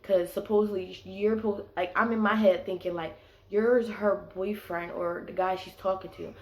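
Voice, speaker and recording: A woman's voice: mid-range voice, moderate pace. A young woman telling a story in a casual, slangy way, full of fillers. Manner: animated, slangy storytelling with many "like"s. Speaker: vlogger. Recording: echoey room.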